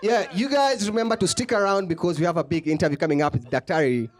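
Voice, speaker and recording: A man comedian making quick, mocking asides in a stand-up set. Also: high voice.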